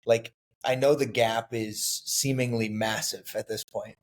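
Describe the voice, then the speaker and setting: A man co-hosting a sports podcast, calmly laying out stats and teasing his co-host in casual debate. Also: mid-range voice. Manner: measured, stat-citing, teasing.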